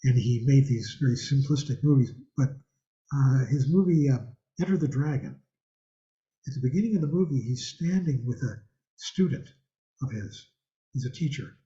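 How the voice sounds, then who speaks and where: A man's voice: medium pitch, moderate pace, dark tone. An older man teaching an online Buddhist class from his home over a video call, talking in a rambling, conversational way and asking the class questions. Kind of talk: online dharma class talk. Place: home room with a hanging thangka. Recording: roomy, slightly dull video-call audio.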